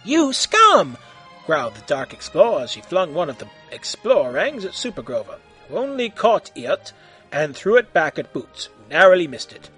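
Brief: male storyteller, husky, high, lively delivery. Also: moderate pace, soft background music. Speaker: narrator. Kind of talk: amateur audio story narration.

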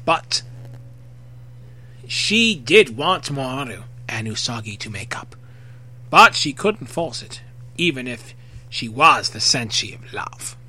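Young guy reading fanfic out loud, bright voice, jokey asides. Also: mid-range voice, very animated, slow, pauses often, breathy edge. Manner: casual, jokey, swears freely. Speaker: fan fiction reader. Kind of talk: reading fan fiction aloud with casual commentary.

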